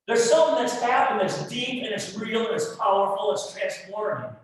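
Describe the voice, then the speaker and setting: A male pastor preaching with rising passion, dropping to near murmurs and then bursting into loud exclamations. His voice sits a little high for a man. It is caught from a distance in a very echoey church hall. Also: fast, few pauses. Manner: impassioned, swings from quiet to shouting. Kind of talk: sermon. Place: church sanctuary.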